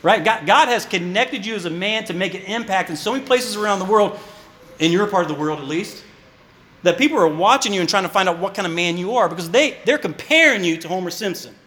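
Male preacher, high-pitched and animated. Sermon with humorous asides, in an echoey hall. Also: fast. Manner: animated, joking asides, repeats words. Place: church hall.

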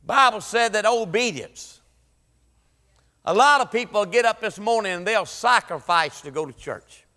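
An impassioned preacher, a man with a very high, sharply bright voice. He drives his sermon in a rolling cadence and climbs into shouts. His words ring through the long reverb of a church hall. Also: animated, normal speed. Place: church sanctuary.

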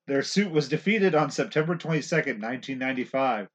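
A man's voice: mid-range voice, fairly bright tone, highs cut off. A man co-hosting a casual movie podcast, chatting and laughing often. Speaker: podcast co-host.

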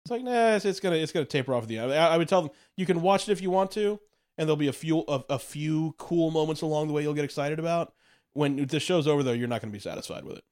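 Podcast co-host, male, quick lively delivery, slightly high. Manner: animated, acts out quoted voices. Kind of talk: casual chat.

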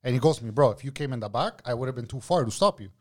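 Dude talking fast, pitch bouncing all over, swears while telling a story. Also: male voice, animated, heavy background noise. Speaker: podcast guest. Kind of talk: casual chat.

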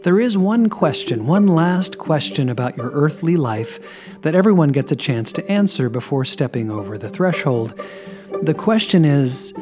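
A man's voice: a little high, lightly acted. A man voicing Saint Peter as a genial, officious old gatekeeper of heaven, inside a joke told during a sermon. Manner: welcoming, officious.

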